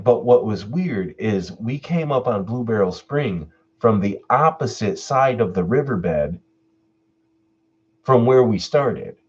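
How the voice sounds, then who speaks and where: A man hosts his own live stream Q&A, relaxed as he tells a personal story, swearing freely and getting animated when retelling what people said. His voice is medium-pitched and slightly rough, with the highs cut off.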